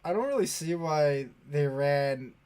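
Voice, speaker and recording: Guy cohosting a gaming podcast, bit higher voice, offhand chatty, swears some. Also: expressive, unhurried, a little mellow, a little hiss or hum. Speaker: podcast co-host. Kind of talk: casual chat about esports.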